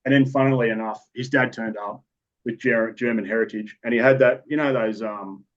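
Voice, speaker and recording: An Australian police officer, interviewed on a podcast, shares job anecdotes in a rambling, matter-of-fact way, restarting now and then. His mid-range voice keeps fairly even intonation at normal speed, and the sound is dull and lo-fi.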